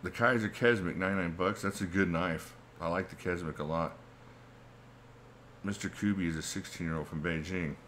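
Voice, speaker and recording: A man's voice: low voice, normal speed, a bit bright, slight background noise. A middle-aged man hosting a casual livestream, reading chat comments and laughing often in a chatty, laid-back way. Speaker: livestream host.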